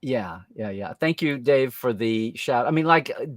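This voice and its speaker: A man's voice: mid-range voice, lively intonation, normal speed, slight background noise. An American man hosting a casual live-stream chat, rambling with restarts and reading viewer comments aloud. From United States. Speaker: host.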